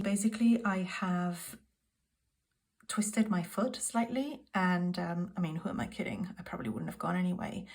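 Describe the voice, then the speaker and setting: A woman in her thirties from the UK, chatting casually through her monthly bills at home, talking in a hushed, half-whispered voice because her daughter sleeps next door. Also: fairly low pitch. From United Kingdom. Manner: chatty, talks straight to viewers as "guys"; speaks softly, half-whispering so a child can sleep. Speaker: budgeting vlogger. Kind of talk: casual monthly budget walkthrough.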